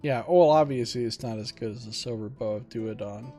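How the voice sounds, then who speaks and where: Over faint background music, a man with a medium-pitched, dark-toned voice talks fairly quickly as he reads a fantasy gamebook aloud on stream. He jokes around and sings silly little ditties between bits of casual let's-play chat and narration.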